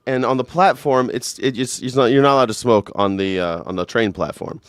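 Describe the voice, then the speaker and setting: A man's voice: medium pitch, fairly quick, clear, resonant tone, no room sound. Jokey man hosting a live stream. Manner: rambling, jokey, laughs often, bursts into shouted mock voices. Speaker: live news reaction show host. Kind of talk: casual live-stream chat. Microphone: desk mic.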